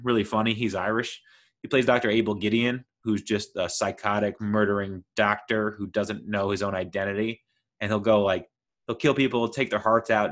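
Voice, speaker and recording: A man's voice: lowish voice, a bit bright. A man chatting casually as he reviews a TV series, rambling and enthusiastic, with lots of fillers. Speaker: TV show reviewer.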